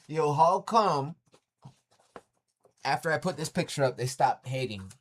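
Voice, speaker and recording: A man's voice: on the high side, animated, takes it slowly, fairly bright tone. A man ranting on a casual livestream and answering his chat. He is blunt and profane, throws "yo" into his sentences again and again, and repeats lines for emphasis. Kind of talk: casual rant to live chat.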